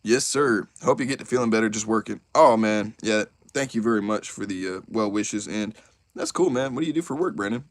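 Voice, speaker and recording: A young man hosting a casual live stream, excitable and chatty, talking straight to his chat. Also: lowish voice, brisk, no room sound. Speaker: YouTuber host of a live stream.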